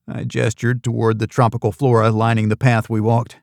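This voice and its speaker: A man narrates a first-person thriller audiobook at a steady, measured pace. His mid-range voice has a noticeable gravelly grain. The recording is dry and close, with no room echo. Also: mid-range voice.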